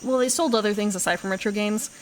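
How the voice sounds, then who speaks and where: A young woman streamer chats casually during her first playthrough of a game, rambling, correcting herself, laughing often and swearing. Her voice sits in the mid range and she speaks fast. The audio is poor, with slight background noise.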